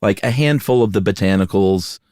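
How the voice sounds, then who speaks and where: A man's voice: fairly low pitch, fairly quick, a little mellow, no room sound, studio quality. A man co-hosting a podcast in a laid-back, joking way, chatting casually. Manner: laid-back, jokey, hums little made-up songs. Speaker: podcast co-host. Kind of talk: casual chat.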